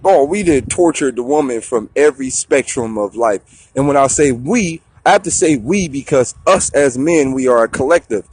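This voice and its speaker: A man telling a story in a profane, slangy, animated way on a talk show. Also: medium pitch, moderate pace, breathy edge.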